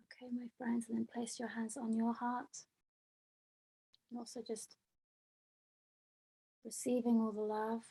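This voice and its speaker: A woman hosting a group prayer call on a video meeting, speaking in slow, soothing, blessing-like phrases. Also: a little high, monotone, vocal fry, warm tone, slightly rough. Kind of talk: guided prayer and meditation.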